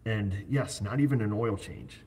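A man's voice: fairly low pitch, a little slow, darkish tone. A man who owns an auto repair shop, talking casually in a rambling, joking way and walking through hypothetical examples. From United States. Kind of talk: casual chat.

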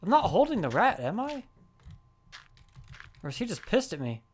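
Excitable woman yelling at a game. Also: mid-range voice, normal speed, a little hiss or hum. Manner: excitable, frustrated, yells at the game. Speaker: let's play host. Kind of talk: gameplay commentary.

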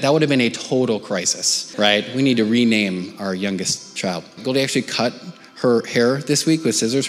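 A male pastor at a church service tells a sermon story in a casual, conversational way, often tossing in a quick "right?" to his listeners. His pitch sits in an ordinary middle range, and he often lowers it to a soft, hushed voice. Faint music plays underneath. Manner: drops to a soft, hushed voice for tender moments.

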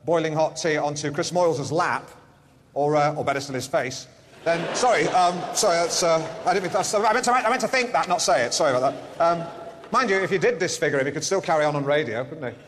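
A man's voice: on the high side, quick pace, a bit bright, close to an everyday voice. A man playing a flustered, pompous TV host. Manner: blurting then apologizing, flustered. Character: awkward pompous middle-aged male TV host. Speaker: show host. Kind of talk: comedy show introduction. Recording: noisy hall with long reverb.

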